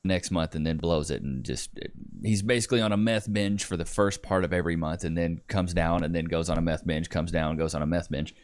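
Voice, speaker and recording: A man's voice: low voice, brisk. A man hosting a livestream podcast, telling a family story casually, doing voices and talking to the chat. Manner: animated storyteller who does voices and jokes with the chat. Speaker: podcast host.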